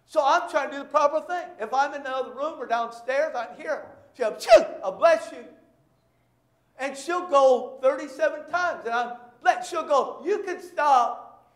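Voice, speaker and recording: A male pastor preaching with a very high-pitched voice, caught in a roomy, echoing church. He tells homey stories and breaks into shouted bursts. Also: moderate pace. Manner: animated storytelling with shouted bursts. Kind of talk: sermon.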